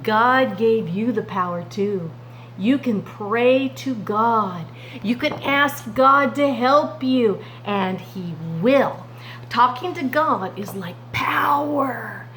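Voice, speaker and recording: A woman Sunday school teacher telling a Bible story to children in an expressive way. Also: on the high side, slow pace, a little hiss or hum, poor audio. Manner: expressive, warm addresses to "friends".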